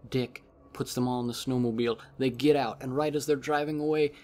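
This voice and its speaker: A man's voice: medium pitch, steady tone, a little fast, a little mellow. A man rambling casually through a book recap as a vlogger, with many fillers.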